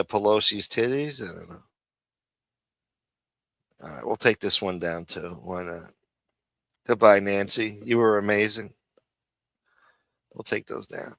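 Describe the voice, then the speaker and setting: A man's voice: on the low side, fairly bright tone, dry recording. A man hosting a live stream, talking casually and rambling, swearing often and repeating himself as he reacts to clips. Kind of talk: profane casual commentary on clips.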